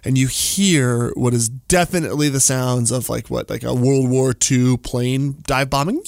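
A man's voice: mid-range voice, steady tone, measured pace, vocal fry, darkish tone, dry recording. A man, telling a story casually in a studio, with lots of fillers and laughter. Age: 40s.

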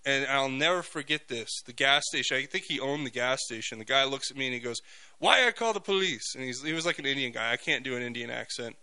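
A man hosting a talk radio show, telling stories in an animated monologue full of fillers and restarts. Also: medium pitch, quick pace, hardly any pauses, rough recording.

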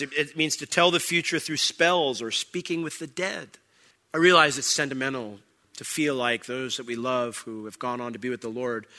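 A man preaching a sermon, conversational at times and rising to loud, emphatic bursts. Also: high voice. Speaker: pastor. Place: church sanctuary.

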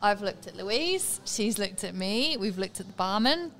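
A woman's voice: medium pitch, unhurried. A woman telling a funny story in casual chat, laughing often. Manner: lively anecdote teller, laughs often. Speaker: podcast guest telling a story.

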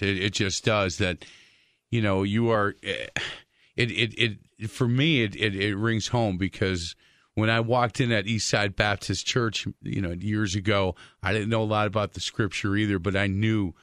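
A man's voice: on the low side, moderate pace, fairly bright tone, no room sound, studio quality. A man hosting a talk-radio show, talking loosely with stumbles and frequent restarts.

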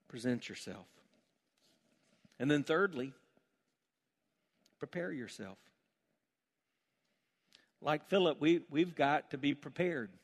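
A man's voice: a little high, expressive, takes it slowly, pauses often, husky. A man preaching a sermon as pastor, building to emphatic calls and asking the congregation to repeat phrases.

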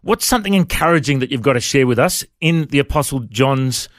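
A man's voice: medium pitch, lively intonation, fairly quick, fairly bright tone, no room sound, clean studio sound. A man hosting a faith radio interview, friendly and chatty. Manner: friendly, says mate a lot. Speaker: radio host.

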